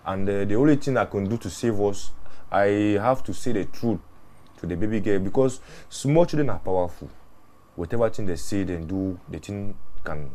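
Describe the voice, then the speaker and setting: A man with a fairly low voice, recounting his mortuary work in an interview. He talks earnestly and with animation, circling back over words and restarting sentences as he goes. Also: moderate pace, warm tone. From Ghana. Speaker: mortuary worker. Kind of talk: interview storytelling.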